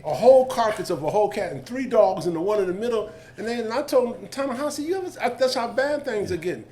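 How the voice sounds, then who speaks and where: A man, speaking on a discussion panel in an animated, colloquial storytelling way that jumps into the voices of the people in his stories. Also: sits high, quick pace. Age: 70s.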